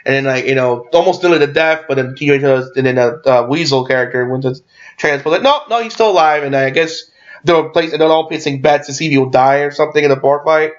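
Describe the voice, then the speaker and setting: A man's voice: medium pitch, fairly even intonation, a little fast. A man recapping a movie in a casual, rambling way, full of fillers and restarts. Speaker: movie reviewer. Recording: dull lo-fi sound.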